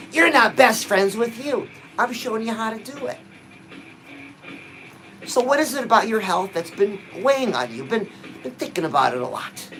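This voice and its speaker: A man's voice: high voice, a bit bright, low-quality recording. A man giving a punchy, exhorting motivational pep talk to his viewers, dropping frequent "oh"s as he talks. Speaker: motivational livestream host.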